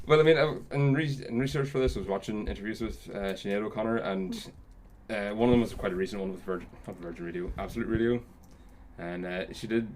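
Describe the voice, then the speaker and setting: Fast-talking, swearing podcast host, man. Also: on the low side, slight background noise. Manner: fast, animated, swears often. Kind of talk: casual chat.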